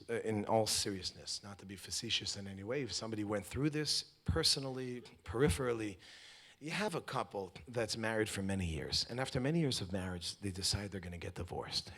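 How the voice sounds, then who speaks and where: A man's voice: fairly low pitch, husky. A man giving a comic storytelling talk to an audience, acting out the voices of his wife and other people. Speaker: speaker.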